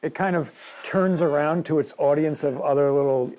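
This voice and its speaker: Mellow-voiced man running a tabletop game. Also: fairly high pitch, normal speed. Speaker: game master.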